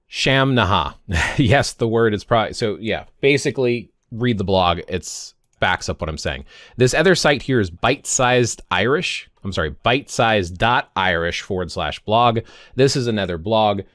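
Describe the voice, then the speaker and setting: A pagan vlogger in his fifties talks animatedly and casually to camera, rambling, stumbling on words and often self-correcting. His fairly low voice has a fairly bright tone and a moderate pace, in clean studio sound with no echo.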